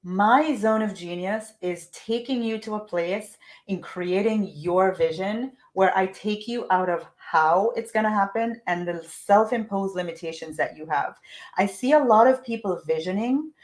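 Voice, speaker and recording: A woman's voice: mid-range voice, a little slow. A woman coaching her audience in a live motivational talk, emphatic and fond of repeating phrases for effect. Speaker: manifestation coach.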